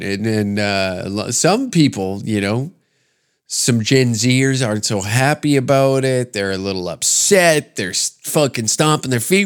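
A man's voice: medium pitch, lively intonation, unhurried, clear, resonant tone. A man hosting a podcast, ranting with heavy swearing and sarcasm in a comedic monologue. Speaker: podcast host. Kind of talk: comedic rant.

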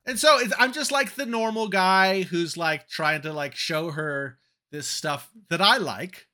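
A man's voice: high voice, measured pace, pushed and bright. A man co-hosting a podcast, chatting casually in a self-deprecating way. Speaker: podcast co-host. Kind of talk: casual chat.

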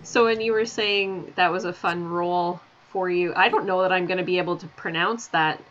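A woman's voice: fairly low pitch, fairly even intonation, normal speed, a bit bright, lo-fi sound. A woman interviewing a guest in a casual, chatty, self-deprecating way.

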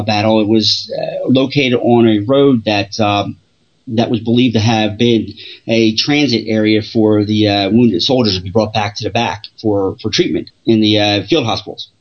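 A man who investigates the paranormal, talking through his stories in a halting way with many restarts and fillers. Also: medium pitch, highs cut off. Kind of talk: casual interview storytelling.

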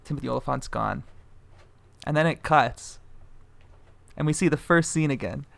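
A young man with a fairly high, gravelly voice and a crackle of fry. He tells a movie plot in a loose, joking way and laughs a lot. The sound is dry and close to the mic. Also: normal speed, pauses often, dry recording. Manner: joking, animated, laughs often. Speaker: podcast co-host. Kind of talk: casual comedic chat, retelling a movie plot.

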